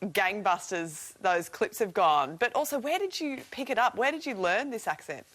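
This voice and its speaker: A chirpy Australian woman hosting a live TV chat, laughing along with her guest. Her speech is mid-pitched and plain. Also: lively intonation, normal speed, a bit bright. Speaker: TV show host. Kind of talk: live TV interview.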